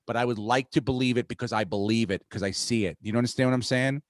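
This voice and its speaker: A man hosting a podcast, talking sports in a profane, rambling, excitable way. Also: mid-range voice, quick pace, dry recording. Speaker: podcast host. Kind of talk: casual sports chat.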